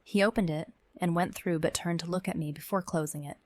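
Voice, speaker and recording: A woman giving measured, tense first-person narration of a scripted horror story. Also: on the low side, steady tone, a little mellow.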